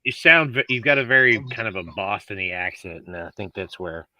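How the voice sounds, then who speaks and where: A man's voice: fairly low pitch, animated, a little fast, crowd noise. A man who drives trucks, telling stories in a laid-back casual chat.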